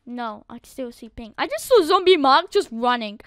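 Woman gaming youtuber, high voice, jumps from mumbling to yelling, dry close mic. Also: moderate pace, clear, resonant tone, no echo. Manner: excitable, swings from muttering to loud outbursts. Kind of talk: live game commentary.

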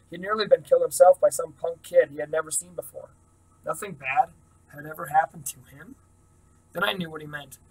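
A man reading a first-person novel aloud in a steady, plain manner, with small slips. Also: fairly high pitch, distant mic, low-quality recording. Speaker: reader.

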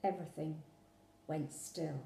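A woman narrating a storybook in first person, measured and steady. Her voice is mellow and darkish, and it rings in an echoey room. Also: low-pitched, vocal fry. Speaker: reader.

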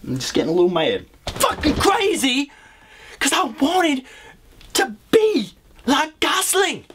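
An actor playing an unhinged young man obsessed with a movie star, in a comedy sketch monologue, lurching from low profane mutters to shrill outbursts. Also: big pitch swings, unhurried, background noise. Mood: shrill ranting.

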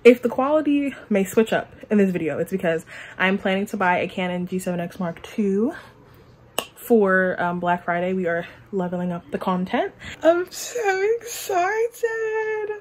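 A young woman hosting her own book vlog in casual, gushing chat, excitable and talkative. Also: on the low side, moderate pace, a little hiss or hum. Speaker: book vlogger.

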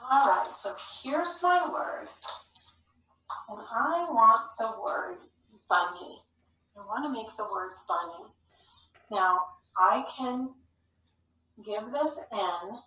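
A woman teaching a phonics lesson to young children, speaking clearly and patiently. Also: medium pitch, lively intonation, pushed and bright, a little hiss or hum. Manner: slow, clear, patient instructional delivery. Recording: echoey room, mic at a distance.

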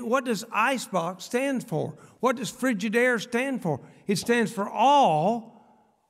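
Older preacher guy, high gravelly voice, folksy asides, big church echo. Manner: folksy, rhetorical questions, humorous asides. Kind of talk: sermon. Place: church sanctuary. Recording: long church reverb.

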